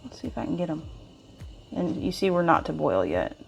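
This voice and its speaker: A chatty woman with a drawl talks viewers through a kitchen task in a low, relaxed voice. Her manner is folksy and homey, with soft music playing faintly behind her. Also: fairly quick, gravelly, muffled recording. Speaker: home cooking vlogger. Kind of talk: casual cooking demonstration. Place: home kitchen.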